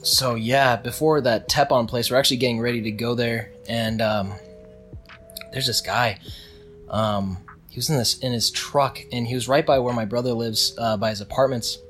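A man's voice: mid-range voice, steady tone, moderate pace, fairly bright tone, faint music behind. Young man rambling through a story. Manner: rambling with restarts, acts out quotes. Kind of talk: casual storytelling chat.

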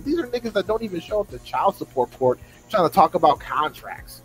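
A man's voice: high-pitched, sing-song, a little fast, soft background music, poor audio. A man on a podcast, ranting in a profane, exasperated way and mocking fans in put-on voices. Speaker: podcast co-host. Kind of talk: heated casual podcast rant.

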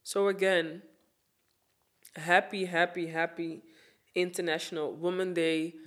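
A woman's voice: lowish voice, flat delivery. A woman giving an earnest, reflective personal message and reading her own writing aloud. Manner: earnest, reflective, with pauses and restarts. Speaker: host sharing a Women's Day message. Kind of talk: heartfelt personal talk and reading.

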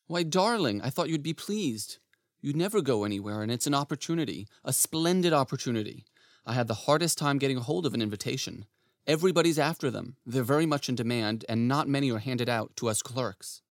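Man acting as gentle clerk husband, coaxing, eager to please, audio drama, dry studio sound. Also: mid-range voice, lively intonation, a little fast, no echo, close to an everyday voice.

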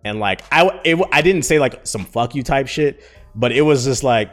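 A man in his thirties hosts a casual podcast monologue, rambling, cursing freely, and venting with candid emotion. His mid-range voice is animated and fairly bright, moving at a moderate pace with faint music behind it.

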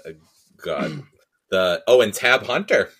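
Low-voiced male podcast co-host, rambling, excitable, quotes scenes. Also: slow, breathy edge. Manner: rambling, enthusiastic, quotes characters. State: voice not warmed up. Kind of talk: casual chat.

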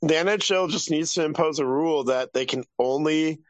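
A man's voice: fairly high pitch, fairly quick, no room sound. A man co-hosting a podcast, easygoing and a bit hesitant, joking about sports. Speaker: podcast co-host. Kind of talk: casual sports chat.

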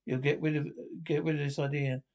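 A breezy ship's doctor who talks like an amateur psychologist, played by a man. His voice sits a little high with a gravelly rasp. He lectures in the brisk style of a 1960s film comedy. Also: level tone, darkish tone, close to an everyday voice. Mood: reassuring.

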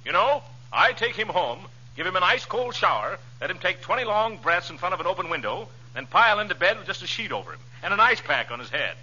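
Gildersleeve, a pompous chuckling neighbor. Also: male voice, sits high, big pitch swings, fast talker, few pauses, sharp tone, breathy edge, full character voice. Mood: teasing. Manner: pompous, teasing, chuckles at his own jokes. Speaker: sitcom neighbor. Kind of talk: 1940s radio comedy acting. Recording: dull lo-fi old radio recording.

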